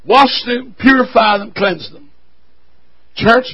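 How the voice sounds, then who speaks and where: A man preaching a sermon to his church, swelling to loud shouts and dropping to quiet asides. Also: high-pitched, lively intonation, measured pace, long pauses, slightly rough, low-quality recording. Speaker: pastor.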